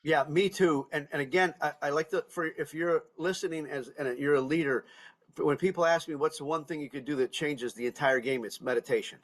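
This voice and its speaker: Earnest man, higher voice. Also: a little fast. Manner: repeats words and restarts often. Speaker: podcast host. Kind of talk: casual interview chat.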